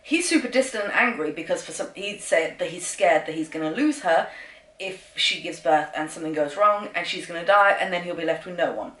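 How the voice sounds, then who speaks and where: A woman's voice: fairly low pitch, brisk, fairly bright tone. A woman reviewing a book in a casual vlog, sarcastic and exasperated, with nervous laughter, recorded at home. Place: room at home. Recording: roomy echo.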